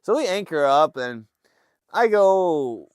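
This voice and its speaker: Guy livestreaming from a fishing boat, chatty storyteller, bouncy pitch, dry close sound. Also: slow pace, no echo. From Alaska. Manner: animated storyteller, acts out family voices. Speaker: livestream host. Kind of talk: casual storytelling to live chat. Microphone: phone livestream.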